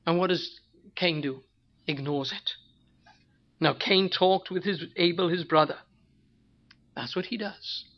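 Preacher, emphatic, rhetorical questions, repeats for weight, mid pitch, muffled lo-fi sound. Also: a little slow, long pauses. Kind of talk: sermon.

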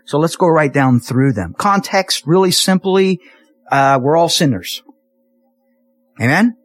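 A man's voice: a little high, unhurried, soft background music. A man preaching a sermon as pastor in a church, telling jokey stories with lots of restarts. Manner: animated, jokey storytelling with many restarts. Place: church sanctuary.

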